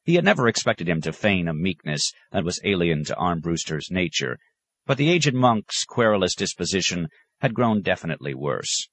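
A man reading a novel aloud with calm, expressive narration. His voice sits fairly low and moves with lively intonation, and the recording is dry and close with no room sound. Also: moderate pace, no room sound. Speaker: audiobook narrator. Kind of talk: scripted narration.

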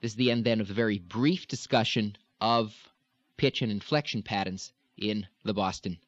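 A man teaching a recorded accent lesson as a dialect coach, explaining in a measured way and demonstrating sounds. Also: on the low side, no echo. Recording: dull, dry, lo-fi recording.

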